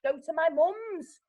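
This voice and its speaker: A young woman, telling her own story as a guest in a blunt, animated way, swearing often. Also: very high-pitched, narrow, tinny audio. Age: young adult. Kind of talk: candid personal storytelling.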